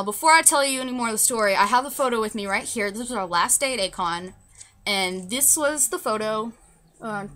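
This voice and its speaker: A young woman vlogs at home into her camera, telling a long story in a loose, rambling way. Her voice is bright and forward, at an ordinary middle pitch. She keeps stopping to restart sentences and fills the gaps with "like". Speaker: vlogger. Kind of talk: casual storytelling vlog.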